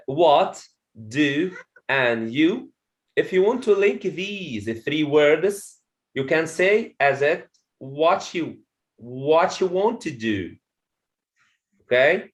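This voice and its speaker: A man teaching a pronunciation lesson to a classroom of students, repeating phrases and checking understanding with "okay?". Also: a little high. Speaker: English teacher.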